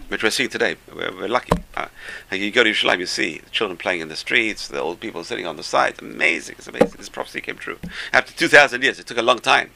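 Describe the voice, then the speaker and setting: A man teaching a Torah lesson as an animated storyteller, rising high when he quotes the rabbis and dropping low for his asides. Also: fast, gravelly, slight background noise.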